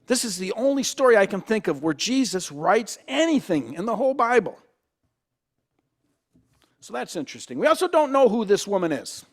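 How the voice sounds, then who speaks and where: This time the pastor sounds very animated, speaking at normal speed in a high-pitched voice. He quizzes the congregation, performs quoted voices, and repeats himself at times as he restarts in his conversational sermon.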